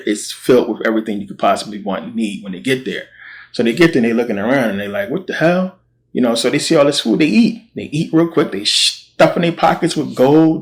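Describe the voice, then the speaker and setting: A man with a lowish voice retells a scripture story in loose, casual speech. He slips into slangy quotes for each character as he goes. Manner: slangy, animated quoting of characters. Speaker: Bible storyteller.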